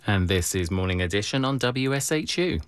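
A male public radio host with a very low voice gives station announcements. His delivery is smooth and steady. The sound is close and dry. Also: brisk, dry recording.

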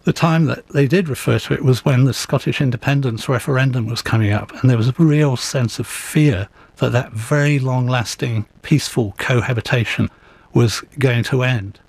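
A man's voice: medium pitch, gravelly, breathy edge, no echo. Man, author guest, thoughtful, wry, dry close sound. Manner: measured, thoughtful, gently wry. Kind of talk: interview storytelling.

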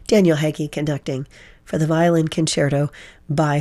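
A hoarse woman radio host with a low voice, announcing music and station details in a measured, polished on-air manner. Her delivery is steady and practiced.

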